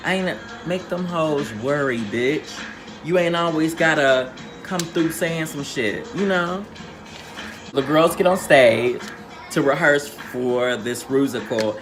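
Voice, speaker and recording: A man's voice: a little high, sharp tone. A man recapping a reality show in a sassy, slangy, theatrical storytelling manner. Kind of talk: casual recap commentary.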